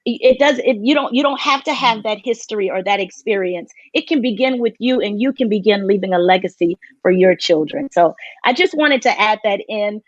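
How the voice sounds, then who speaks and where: A woman's voice: medium pitch, dull audio. A woman moderating a virtual town hall on a video call, speaking in an upbeat and affirming way. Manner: upbeat, affirming, quick to laugh.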